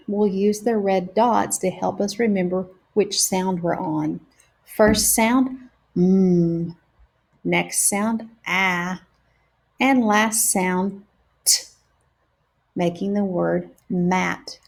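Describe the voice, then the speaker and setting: A woman teacher leading a phonics lesson for young children, sounding out each word slowly and clearly. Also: medium pitch, fairly even intonation. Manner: slow and deliberate, stretching out each sound.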